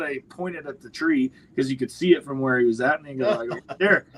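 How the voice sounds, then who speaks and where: A young man, a podcast guest, telling animated stories in casual chat and acting out the quotes. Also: fairly high pitch, a little fast, creaky, slight background noise, rough recording. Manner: animated storyteller, acts out quotes.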